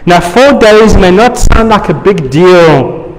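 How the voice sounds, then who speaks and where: A man preaching a sermon as pastor, slow and emphatic, repeating phrases for weight. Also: high voice, animated. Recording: long hall reverb, faint noise.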